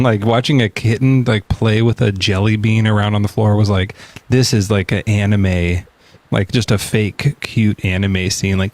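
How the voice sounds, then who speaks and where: A man hosting a live call-in podcast who chats in a relaxed, rambling way, with laughs and fillers. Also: fairly low pitch, no room sound. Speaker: podcast host. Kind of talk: casual live-stream chat.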